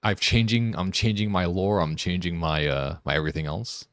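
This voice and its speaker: A man streaming a game, chatting casually, joking and laughing often, and getting excited as he rambles. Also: low-pitched, moderate pace, no echo. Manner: gets excited and rambling when riffing. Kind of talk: casual live-stream chat while gaming.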